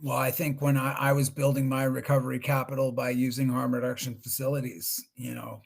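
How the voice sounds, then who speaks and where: Middle-aged male guest speaker, mid pitch, chatty storyteller on a video call. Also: monotone, fairly quick, creaky, slightly rough. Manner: conversational, restarts, acts out quotes. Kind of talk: webinar storytelling.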